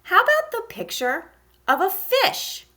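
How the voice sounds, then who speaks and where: A woman teaching a phonics lesson to young children, sounding out letters and praising slowly and encouragingly. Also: very high voice, very animated, pushed and bright. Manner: slow, encouraging, sounds out letters with exaggerated emphasis. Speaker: kindergarten teacher.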